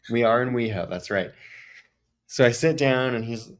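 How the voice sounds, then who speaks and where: A man's voice: medium pitch, moderate pace. A man podcast host telling a story in a casual, chatty way, full of "like" fillers.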